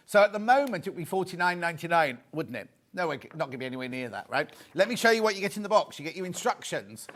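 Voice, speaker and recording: Speaking very fast with few pauses, a high-voiced British man hosts live TV shopping. Excitable and talkative, he keeps restating prices and trading banter with the studio team.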